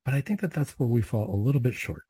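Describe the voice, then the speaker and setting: A middle-aged man who leads recited prayers, then gives a measured, conversational spiritual reflection. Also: mid-range voice, expressive, warm tone, husky, dry recording, low-quality recording. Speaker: Catholic prayer leader and speaker.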